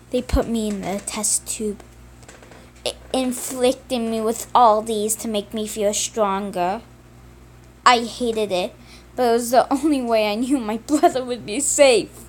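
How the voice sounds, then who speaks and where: A woman's voice: a little high, fairly even intonation, unhurried. A woman narrating a story in the first person, plain and earnest, with some restarts.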